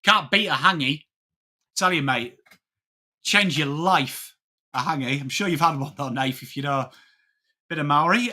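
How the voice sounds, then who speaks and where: Bright-voiced chatty English man. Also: on the high side, moderate pace, long pauses. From England. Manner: chatty, greets chat viewers by name, slangy banter. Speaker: livestream host. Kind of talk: casual live watchalong chat.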